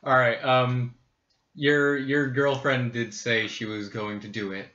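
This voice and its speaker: A man's voice: medium pitch, little pitch movement, slow, sharp tone, reverberant, highs cut off. A man running a tabletop game as game master, bantering casually with laughs and swearing.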